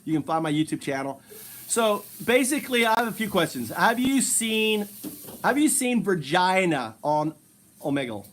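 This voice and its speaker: A man with a high voice hosts a casual live stream, bantering with strangers in a playful, teasing way. He laughs readily. He talks into a webcam mic, with a faint background hiss. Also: big pitch swings, moderate pace, fairly bright tone.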